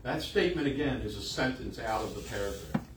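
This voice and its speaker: A man's voice: medium pitch, expressive, brisk, slight background noise. A man preaching a sermon in an emphatic way, repeating phrases for emphasis. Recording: echoey room, voice from a distance.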